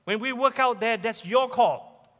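Malaysian-accented male pastor, high voice, emphatic sermon delivery, long hall reverb. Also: measured pace, a bit bright. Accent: Malaysian English. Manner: emphatic, repeats key questions. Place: church sanctuary.

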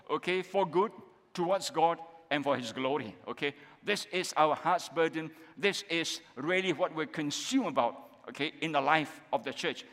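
This sermon comes from a male pastor with a Malaysian English accent who often asks the congregation repeated rhetorical questions to check in with them. He has a fairly high, slightly bright voice. The church hall recording carries long reverb.

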